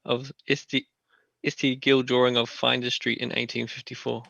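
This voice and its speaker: A man with a New Zealand accent, chatting easily and slowly reading text aloud for a live stream. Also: mid-range voice, flat delivery, vocal fry, fairly bright tone. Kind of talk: casual chat and reading aloud. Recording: dry, muffled mic.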